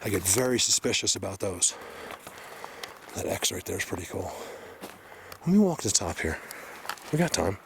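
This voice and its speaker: A man vlogging while hiking through a forest, excitedly pointing things out to his viewers in casual walk-and-talk. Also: deep voice, moderate pace, vocal fry, pauses often, noisy background. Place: forest outdoors, hiking uphill.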